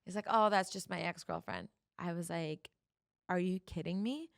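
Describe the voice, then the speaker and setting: A young woman hosting a solo podcast, telling a personal dating story in a chatty, animated way and acting out the dialogue. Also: lowish voice, moderate pace, vocal fry, no room sound, studio quality. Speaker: podcast host.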